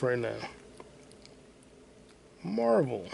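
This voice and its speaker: A man with a gravelly voice hosting a solo podcast, swearing freely as he thinks aloud. His pitch is middling, and his delivery is loose, casual and unscripted. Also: normal speed, pauses often. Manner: profane, thinking aloud while searching online. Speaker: podcast host.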